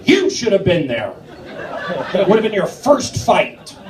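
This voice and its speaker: A man's voice: sits high, sing-song, a little slow, crowd noise. Rambling man doing live stand-up. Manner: rambling and jumpy, swinging from mumbled asides to shouted outbursts. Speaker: stand-up comedian. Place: comedy club stage. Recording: roomy, distant club recording with noise. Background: audience laughter.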